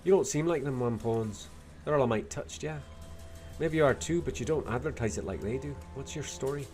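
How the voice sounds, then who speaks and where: A man voicing a tough, blunt Irish woman in a video game, with a put-on Dublin accent carrying a Scottish lilt and a rough, salty way of talking. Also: medium pitch, brisk, a little mellow, faint music behind, voice pushed up, close to an everyday voice. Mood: brusque. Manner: gruff, salty, rough-spoken.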